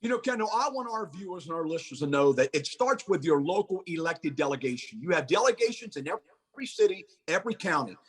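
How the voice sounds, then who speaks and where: A man, a county sheriff speaking forcefully as a podcast guest, repeating his points for emphasis. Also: fairly high pitch, very animated, quick pace, breathy edge, far from the mic. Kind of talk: podcast interview.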